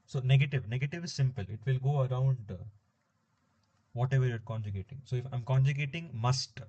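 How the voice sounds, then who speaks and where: A man teaching a French grammar lesson in a relaxed, informal way, explaining step by step with frequent fillers. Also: mid-range voice, brisk, slightly rough, highs cut off. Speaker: French tutor. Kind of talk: informal recorded language lesson.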